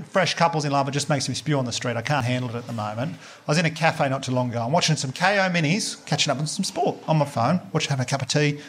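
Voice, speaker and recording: An Australian man in his thirties doing a stand-up comedy set, telling stories deadpan and working the crowd. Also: on the high side, slight background noise. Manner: crowd work, deadpan storytelling with acted asides. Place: live comedy venue with audience laughter.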